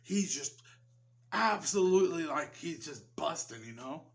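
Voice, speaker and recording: A man's voice: on the high side, lively intonation, measured pace. Rambling, foul-mouthed man reviewing a movie. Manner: loose, rambling, swears freely. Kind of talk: casual film review commentary.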